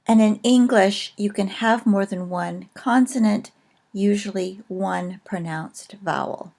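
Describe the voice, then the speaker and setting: A woman teaching a recorded lesson, explaining slowly and carefully with frequent pauses. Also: medium pitch, vocal fry, a little mellow. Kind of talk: recorded lecture on a language.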